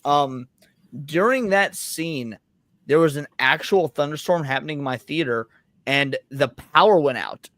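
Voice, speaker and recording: A man's voice: a little high, a little slow, a bit bright, no echo. Rambling man with a dry close mic. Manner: rambling, many restarts and repeated words. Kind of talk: casual chat.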